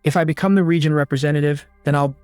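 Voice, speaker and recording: A man voicing a smug, scheming young male player who persuades people calmly, read within a recap narration. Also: fairly high pitch, quick pace, clear, resonant tone, no echo, soft background music, natural voice.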